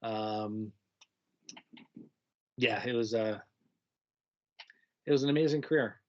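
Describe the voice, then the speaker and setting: Animated middle-aged man, slightly dull audio. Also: fairly low pitch, slow pace. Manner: animated, acts out kids' voices, laughs often. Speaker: retired teacher, guest. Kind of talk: casual storytelling conversation.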